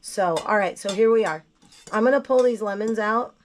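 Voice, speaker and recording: A woman's voice: medium pitch, normal speed. Woman vlogger under the weather, blunt and chatty, home kitchen with faint dish noise. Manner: chatty, blunt, self-deprecating asides. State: sick, voice not at its best. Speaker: gardening vlogger. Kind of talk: casual kitchen how-to chat.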